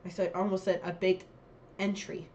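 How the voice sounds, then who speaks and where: A woman's voice: mid-range voice, normal speed, muffled recording, slight background noise. Chatty, hesitant woman vlogger. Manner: chatty and hesitant, with many ums and self-corrections. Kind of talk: casual commentary on a dialect quiz.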